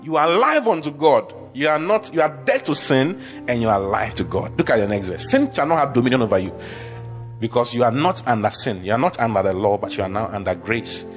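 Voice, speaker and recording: A man's voice: mid-range voice, expressive, brisk, faint music behind. A man preaching a sermon with emphatic, repetitive declarations, leading the congregation in call-and-response.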